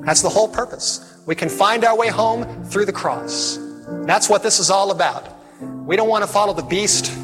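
A man preaching a fervent evangelistic sermon, calling out to his audience for responses. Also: high-pitched. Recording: reverberant hall with faint music.

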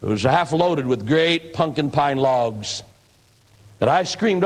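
An older preacher from the American Northwest recounts his testimony in a folksy, storytelling way. His voice sits a little higher than most men's. He acts out the people in his story as he talks. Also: animated, a little slow, rough recording. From northwestern United States. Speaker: pastor and evangelist. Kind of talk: personal testimony sermon.

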